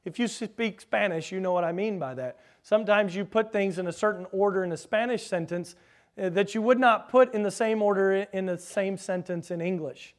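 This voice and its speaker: A man with a notably high voice delivers a sermon in a teacherly way. He quizzes his congregation as if giving a lesson and slows right down to press single words home. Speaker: preacher.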